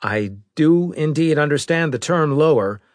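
A man voicing a cunning starship captain who talks smoothly and with false politeness. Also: fairly high pitch, expressive, a little slow, no echo, studio quality, voice pushed up. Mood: smoothly polite.

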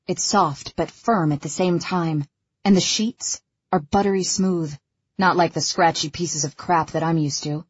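A woman narrating a novel in the first person, with expressive, wry inner monologue. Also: lowish voice, a little slow, husky, no echo, highs cut off. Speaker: audiobook narrator.

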